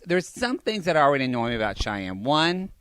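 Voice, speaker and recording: Bright-voiced, snarky man. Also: on the high side, very animated, a little fast, smooth. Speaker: podcast co-host. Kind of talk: casual chat.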